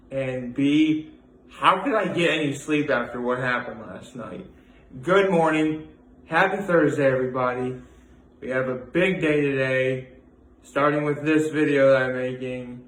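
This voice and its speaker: A man's voice: mid-range voice, a bit bright, echoey room, a little hiss or hum, low-quality recording. A young man rambling through a casual daily vlog, full of fillers and restarts. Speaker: vlogger.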